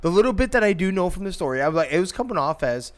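A man's voice: high-pitched, sing-song, rapid-fire. Rambling man telling a crude story. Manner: rambling, laughs often, slips into quoted voices. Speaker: storyteller in group chat.

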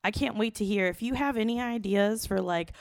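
A young woman co-hosting a podcast, telling a raunchy story in blunt, profane, animated casual talk. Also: mid-range voice, brisk, creaky, dry recording, studio quality. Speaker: podcast co-host.

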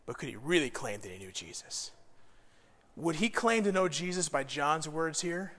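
A man's voice: on the high side, animated, moderate pace, a bit bright. A man preaching a sermon as pastor, in a conversational style. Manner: conversational, acts out quoted voices. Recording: long reverb of a large hall.

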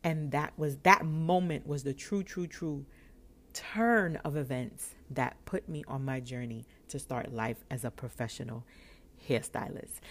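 A woman in her thirties from New York, hosting a podcast and telling a personal story, acting out the dialogue with laughs. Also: low-pitched. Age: 30s. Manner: animated, acts out dialogue with laughs. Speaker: podcast host.

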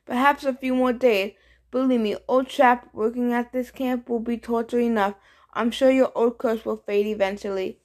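A woman's voice: high voice, fairly even intonation, moderate pace, hardly any pauses, close to an everyday voice. A woman voicing a bored, smug male god who speaks with mocking, false sympathy, in a storybook reading. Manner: drawling, mocking.

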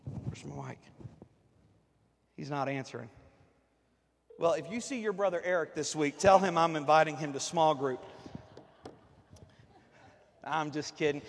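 A man's voice: on the high side, animated, unhurried, gravelly, pauses often, a little hiss or hum. A pastor, preaching a joking, folksy sermon to his congregation from the platform of a church. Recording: long reverb of a church hall.

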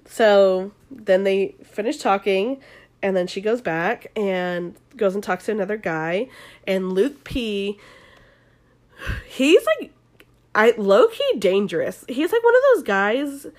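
Young woman, casual recap, gossipy, swearing, mid-pitched voice. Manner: gossipy, swears, fills speech with "like". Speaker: vlogger. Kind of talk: casual chat recapping a reality show.

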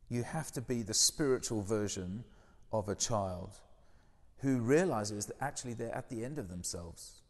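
Low-voiced man preaching a sermon. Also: long reverb tail. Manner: conversational, asks the listeners questions.

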